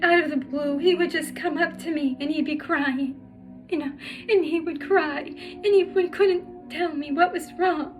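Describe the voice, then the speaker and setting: A woman with a high voice shares a painful personal story, her words stumbling and restarting as tears come through. She sounds middle-aged, and faint music plays quietly behind her. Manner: halting, emotional, many restarts. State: tearful. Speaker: spiritual healer telling her life story.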